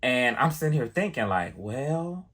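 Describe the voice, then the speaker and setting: Bright-voiced man telling a story. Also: medium pitch, moderate pace. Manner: chatty, animated retelling with many fillers. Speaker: vlogger and piano teacher. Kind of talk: casual storytelling to the camera.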